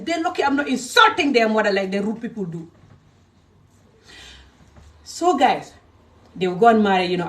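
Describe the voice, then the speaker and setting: A woman from Gambia giving an angry, emphatic rant to her followers, swinging between loud outbursts and low muttering. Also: animated, fairly quick, long pauses, recorded from a distance. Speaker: social media creator. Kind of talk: angry direct-to-camera rant.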